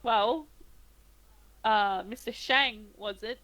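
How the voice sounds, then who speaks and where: A woman voicing a busy male tavern keeper who speaks slowly and deliberately, as if to a child. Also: a little high, fairly bright tone, low-quality recording. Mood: condescending. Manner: slow, deliberate, talking down.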